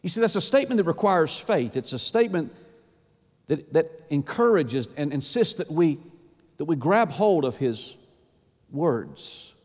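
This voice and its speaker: A man preaching a sermon, impassioned, often repeating words and swinging between hushed and rising delivery. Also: a little high, sing-song, measured pace, long reverb tail.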